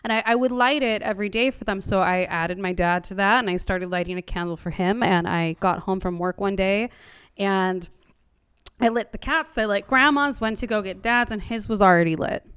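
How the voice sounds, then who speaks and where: A woman leading a paranormal discussion group, telling her own stories in an animated way, swearing and laughing, into a handheld microphone. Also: medium pitch, moderate pace, smooth. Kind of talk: casual storytelling to a group.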